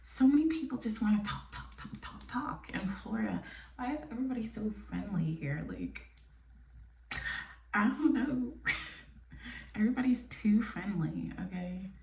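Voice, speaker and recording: A woman from New York hosting her own podcast, talking candidly and bluntly, sometimes dropping to a soft near-whisper. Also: mid-range voice, sing-song, normal speed, a little hiss or hum. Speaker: podcast host. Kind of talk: casual personal monologue. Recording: echoey room, mic a bit distant.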